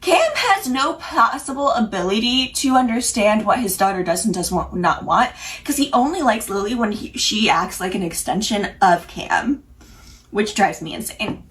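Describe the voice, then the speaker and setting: A young pop culture commentator chats casually to camera while she has the hiccups, recapping TV episodes in a rambling, opinionated way and restarting often. Her voice is on the high side and a bit bright, with lively intonation and a moderate pace, though the audio is poor.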